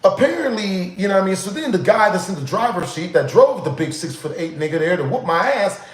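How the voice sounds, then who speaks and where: Animated, high-voiced man telling a story. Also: brisk, echoey room, rough recording. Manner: profane, animated, repeats "you know what I'm saying". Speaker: streamer. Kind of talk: casual storytelling to a live chat.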